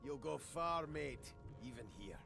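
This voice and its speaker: Out of a video game comes a gruff, gravelly dwarf sailor, rough and folksy in the way he talks. His voice is pitched a little high and swings widely up and down as he leans in to share a secret. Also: lively intonation, unhurried, over loud music.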